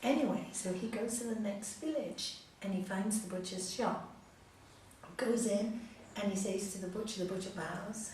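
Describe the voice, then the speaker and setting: A woman yoga teacher telling a teaching story to a class, lively and animated, in a large hall. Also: mid-range voice, moderate pace, slight background noise. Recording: echoey hall from far off.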